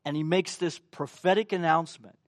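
A man's voice: fairly high pitch, fairly quick, no echo. A male pastor preaching a sermon, acting out quotes and asking the congregation questions. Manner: animated, acts out quotes, asks the congregation questions.

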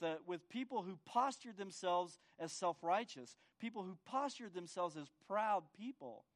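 A man preaching a sermon as pastor, often asking the congregation for agreement and repeating words as he restarts. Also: sits high. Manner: asks the congregation for agreement with tag questions.

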